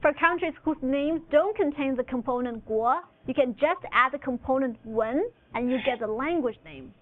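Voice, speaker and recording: A woman whose first language is Chinese, teaching a recorded language lesson with slow, deliberate, carefully enunciated instruction. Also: high voice. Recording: phone-like narrow audio, dry.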